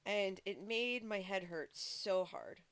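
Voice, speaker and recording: Give me a chatty woman streamer of medium pitch, rambling and chatting to viewers as she plays. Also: takes it slowly, fairly bright tone, clear, resonant tone. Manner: rambling, chatty, many fillers and restarts; talks to chat viewers. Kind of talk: casual live-stream chat while playing.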